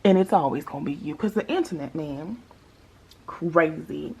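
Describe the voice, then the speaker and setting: Sassy, husky woman vlogger. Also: sits low, normal speed, dark tone, low-quality recording. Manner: sassy, playful, joking asides. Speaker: budgeting vlogger. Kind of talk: casual chat to viewers.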